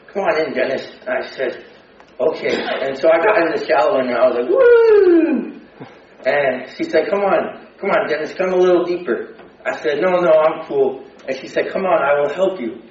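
A man's voice: mid-range voice, a little hiss or hum. A man telling a personal testimony in church, earnest and building with emotion. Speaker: speaker giving a testimony. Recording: distant, dull sound in a very echoey hall.

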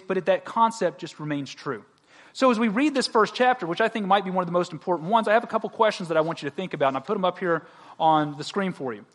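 A man with a fairly high-pitched voice preaches a sermon in a loose, conversational way. He mixes jokes and everyday asides into his points and puts direct questions to the congregation. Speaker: pastor.

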